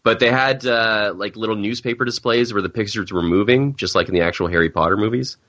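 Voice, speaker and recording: A man's voice: on the low side, fast talker, fairly bright tone, dull audio. A man co-hosting a podcast in a laid-back, casual chat. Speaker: podcast co-host.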